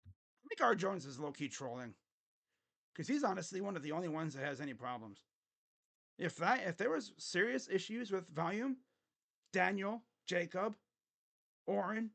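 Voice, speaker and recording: A man's voice: sits high, expressive, unhurried, pauses often, a bit bright. A man hosting a casual sports livestream, grumbling and sarcastic, swearing offhandedly at a desk microphone.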